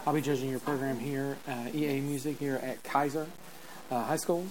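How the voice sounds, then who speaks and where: A man giving live spoken feedback as a music judge, halting with many fillers and singing rhythms out as syllables. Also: mid-range voice, steady tone, background noise. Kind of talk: live spoken adjudication over a performance. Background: loud marching band music.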